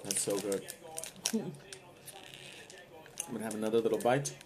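A woman's voice: extremely low pitch, moderate pace, a little mellow. A woman hosts a casual live video and talks straight to her viewers. She giggles a lot and overplays her disgust in a friendly, informal way. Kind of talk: casual taste-test chat.

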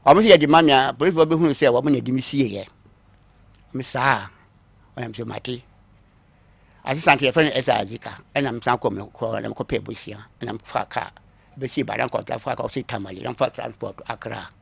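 A man recounting his own long story on a talk show, acting out what others said to him, moving between quiet asides and louder bursts. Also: mid-range voice, brisk, creaky, slightly rough, dry recording. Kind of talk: call-in story telling.

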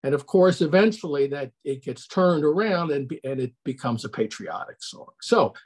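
Husky older man giving a lecture. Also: on the high side, expressive, normal speed. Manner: conversational, asks the audience questions. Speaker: history lecturer. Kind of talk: online history lecture. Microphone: video call.

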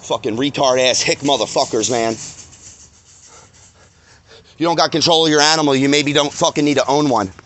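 A man's voice: medium pitch, normal speed, long pauses, a bit bright, a little hiss or hum. A shaken, angry man swears a lot as he recounts a dog attack outdoors in a parking lot, filming himself on a phone. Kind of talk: agitated first-person retelling.

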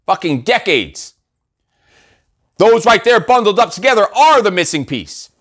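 A man's voice: high voice, very animated, measured pace, fairly bright tone. A man hosting a motivational show, delivering a profane, intense monologue with many repeated exhortations. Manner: intense, swearing, repetitive exhortations. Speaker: host and coach.

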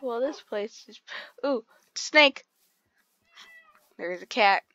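A woman's voice: a little high, animated, slow pace, sharp tone, no echo. A woman giving casual, chatty commentary while playing a game, easily startled and talking to the animals around her. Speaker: gamer streaming play. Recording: dull lo-fi sound.

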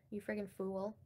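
A woman's voice: medium pitch, a little mellow. A woman hosting a casual livestream and commenting on online drama, blunt and profane, with frequent laughter.

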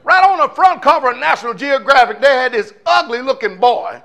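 A man preaching a sermon with a high, bright voice. He talks to the congregation in a fiery, conversational style and keeps throwing out rhetorical questions. His delivery is forceful and plainspoken. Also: animated, a little fast, gravelly. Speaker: pastor.

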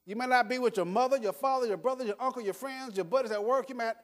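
An older American man delivers a motivational talk to an audience in an extremely high-pitched voice at a quick pace. He's emphatic, repeats words, and chuckles through his stories.

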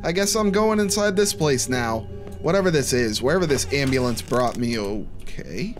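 A man's voice: mid-range voice, expressive, normal speed. A young man giving chatty, jumpy commentary to himself while playing a horror game. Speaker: gameplay commentator. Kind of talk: let's play commentary. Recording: faint music behind the voice.

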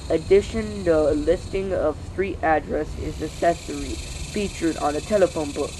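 A host reading a dictionary aloud, halting and stumbling over words, with weary sighs between entries. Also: mid-range voice, background noise.

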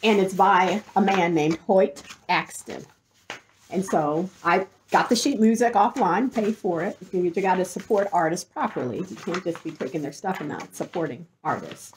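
A middle-aged woman hosting a show, telling a story in an animated way and often breaking into laughter. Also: fairly low pitch, moderate pace, a little hiss or hum. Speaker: host. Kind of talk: storytelling monologue.

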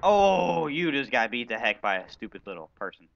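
An excitable man commentating his own video game play, his voice leaping up and down as he yelps and jokes with other players. The tone is bright and forceful, silly and playful throughout. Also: medium pitch, moderate pace, vocal fry, lo-fi sound, slight background noise. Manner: excitable, yelps and exclaims often. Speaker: gaming video host.

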